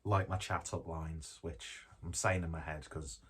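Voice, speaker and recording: Man, low voice, raspy, casual rambling tasting chat, self-mocking jokes. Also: steady tone, unhurried. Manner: rambling, jokey, self-deprecating, swears casually. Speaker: beer reviewer.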